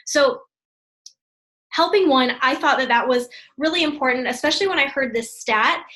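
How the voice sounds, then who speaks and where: A woman's voice: sits high, normal speed, a bit bright. A woman coach giving a motivational team training talk, enthusiastic and chatty, often checking in with "right?" and addressing her listeners as "you guys".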